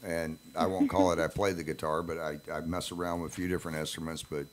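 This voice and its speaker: A man's voice: low voice, flat delivery, fast. An older man hosting a radio interview, joking in a folksy, casual way. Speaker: radio show host.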